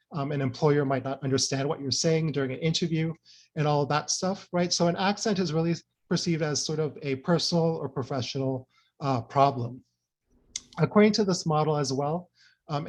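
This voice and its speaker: A man giving an academic lecture in a conversational way, peppering his talk with fillers and tag questions. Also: fairly high pitch. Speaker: invited speaker.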